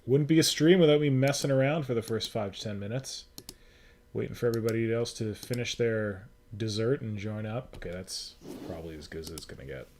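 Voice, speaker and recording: A Canadian man hosting a casual livestream, chatting with viewers and muttering to himself while he fiddles with his settings. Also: fairly low pitch. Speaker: livestream host. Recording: noisy home livestream recording.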